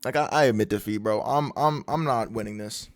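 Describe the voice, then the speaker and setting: A man voicing a defeated male elder who flatly admits he is beaten. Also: on the low side, brisk, no room sound, clean studio sound, voice pushed down, lightly acted. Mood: resigned.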